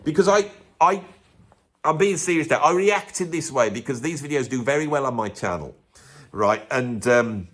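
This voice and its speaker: A man's voice: medium pitch, lively intonation, moderate pace. A man hosting a music channel, delivering a grumpy, emphatic, opinionated rant to camera in a casual way. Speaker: music video host.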